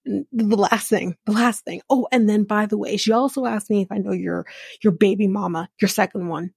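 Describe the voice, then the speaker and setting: A woman's voice: medium pitch, normal speed, gravelly, slightly rough, no echo, studio quality. A woman hosting a podcast, recapping a reality show in casual gossipy chat, laughing and mimicking the people she talks about.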